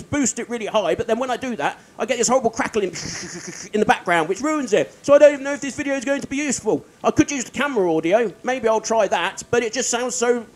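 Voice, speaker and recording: Man, very high voice, let's-play commentary, self-mocking, chuckling, exasperated. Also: darkish tone. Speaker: gaming video creator. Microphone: desk microphone.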